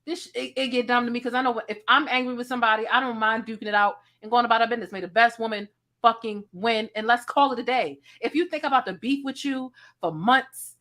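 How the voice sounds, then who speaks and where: A woman's voice: on the high side, fast, fairly bright tone. A woman hosting a livestream, talking bluntly and feistily with plenty of cursing. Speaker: host. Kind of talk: casual livestream commentary.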